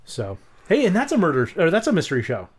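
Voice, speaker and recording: A man co-hosting a podcast, talking casually and excitedly, swearing and restarting his sentences. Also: fairly high pitch, fast. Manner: animated, swears, many restarts. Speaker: podcast co-host. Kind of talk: casual chat.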